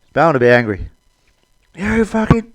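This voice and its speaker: A man's voice: on the high side, sing-song, normal speed, dry recording. Crude, blunt British man telling jokes. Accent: British English. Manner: swears a lot, blunt and cheeky. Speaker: stand-up comedian. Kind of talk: crude stand-up comedy monologue.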